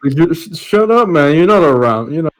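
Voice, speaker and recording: A man's voice: a little high, big pitch swings, a little fast. A man co-hosting a podcast over a voice call, teasing and jokey. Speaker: podcast co-host. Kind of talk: casual chat over voice call.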